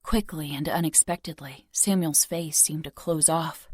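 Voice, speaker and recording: A young woman narrating a romance audiobook in first person, soft, intimate and measured. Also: low voice, fairly even intonation, slightly rough, dry recording, studio quality.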